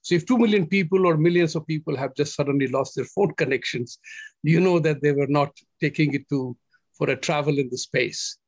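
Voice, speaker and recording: A man's voice: a little high, brisk, dry recording. A man hosting a TV panel talk show, speaking in a wordy, rhetorical way with fillers. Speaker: show host.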